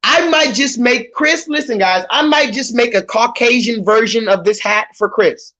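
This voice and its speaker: Animated man ranting on a livestream. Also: extremely high pitch, moderate pace. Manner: loud, animated, talks over himself with restarts. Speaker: livestream host. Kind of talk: casual livestream rant. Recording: slightly dull lo-fi stream audio.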